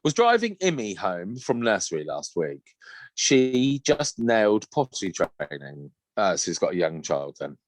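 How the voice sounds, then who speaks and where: A man's voice: on the low side, wildly swooping pitch, a little slow, dry recording. A man co-hosting a casual podcast chat over a video call, laughing often, swearing freely and reading listener messages aloud. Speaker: podcast co-host.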